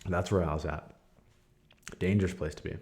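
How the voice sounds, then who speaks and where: A young man hosting a podcast, sharing a candid personal testimony in a casual, conversational way with frequent fillers and soft laughs. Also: deep voice, fairly even intonation, a little fast. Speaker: podcast host.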